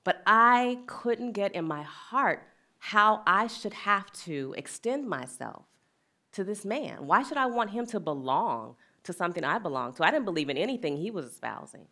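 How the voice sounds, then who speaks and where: A woman's voice: mid-range voice, lively intonation, normal speed, bright, forceful tone. A middle-aged woman speaking as a wellness and equity speaker, earnest and plain-spoken, sharing a personal story in a reflective talk and laughing easily.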